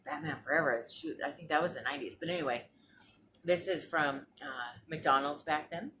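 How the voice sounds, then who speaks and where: Low-voiced woman chatting in a vlog. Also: normal speed, pushed and bright, slight background noise. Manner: rambling, chatty, with frequent fillers and restarts. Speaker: vlogger. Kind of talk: casual chat. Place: apartment.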